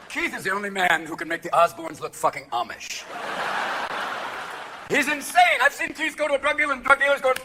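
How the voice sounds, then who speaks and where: A high-voiced male comic tears through a stand-up set, his pitch leaping and plunging from one line to the next. He works a handheld stage mic in a theater, and loud crowd laughter rolls under every punchline. The noise of the live house never drops away. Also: very animated. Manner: manic, rapid voice-switching, shouted punchlines. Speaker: stand-up comedian. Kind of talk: stand-up comedy routine.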